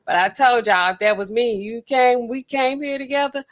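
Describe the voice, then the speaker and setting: A woman hosting a show in casual, rambling commentary, talking in an animated, colloquial way and laughing often. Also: fairly high pitch, moderate pace. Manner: swings often between loud and quiet.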